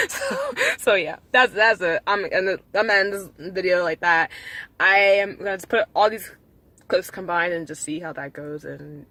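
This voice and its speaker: A woman's voice: mid-range voice, animated, normal speed, pushed and bright, no room sound, poor audio. A young adult woman talking to her viewers in a casual vlog, rambling with many restarts and fillers. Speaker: vlogger.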